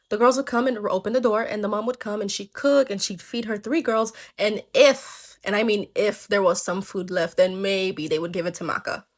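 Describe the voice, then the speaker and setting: A woman casually telling folktales, chatty and slangy, with asides to her listeners. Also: medium pitch. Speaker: storyteller. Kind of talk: casual storytelling.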